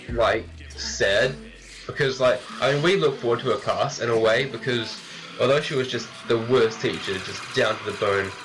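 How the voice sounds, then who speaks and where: A teenage guy tells a story in a loose, rambling way, packing his talk with "like" and restarts. His voice sits at an ordinary pitch for a man. He is a bit far from the mic, with faint music underneath. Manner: rambling, full of "like" fillers. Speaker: vlogger. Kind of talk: casual storytelling.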